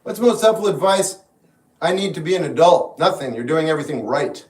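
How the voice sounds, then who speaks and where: A man hosting a livestream, answering chat questions in a relaxed, frank, musing way. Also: fairly high pitch, brisk. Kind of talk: casual live chat. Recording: echoey room, mic at a distance. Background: guitar music in the background.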